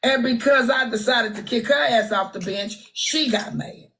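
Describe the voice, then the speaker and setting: This casual livestream gossip comes from a woman with a Texan accent, broadcasting by phone and calling people out in a brash, sassy, trash-talking way. She pitches on the high side at a moderate pace, a bit bright, over a rough recording with some hiss or hum.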